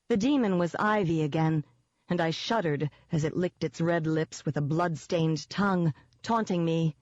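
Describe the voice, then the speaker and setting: An audiobook narrator reading a first-person novel in a steady, even storytelling manner. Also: medium pitch, normal speed, dry recording, dull audio.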